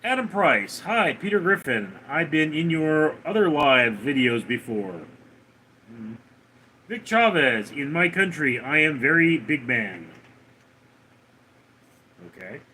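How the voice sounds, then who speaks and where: A man hosting a livestream, reading viewer comments aloud and answering them with dry, deadpan remarks. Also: on the high side, takes it slowly, pauses often, a little hiss or hum. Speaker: livestream host reading chat.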